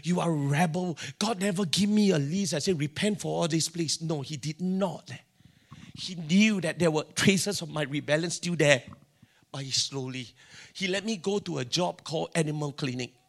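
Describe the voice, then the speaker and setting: A man's voice: on the high side, moderate pace, creaky, a bit bright. A middle-aged man with a Singaporean English accent preaching a sermon, telling stories animatedly and acting out the dialogue. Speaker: pastor.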